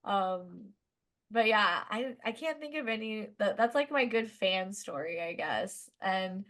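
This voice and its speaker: A woman's voice: medium pitch, measured pace. A woman from Southern California chats as a podcast guest. She tells long, rambling stories with lots of fillers. She laughs easily and slips into voices when she quotes people. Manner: chatty, animated, lots of "like", laughs while telling stories. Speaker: guest musician. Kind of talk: casual podcast storytelling.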